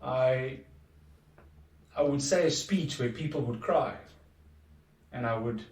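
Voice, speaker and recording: A man's voice: medium pitch, slow pace. A middle-aged man, a podcast guest talking in a reflective, earnest way with frequent restarts. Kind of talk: casual conversation. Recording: echoey room, distant from mic.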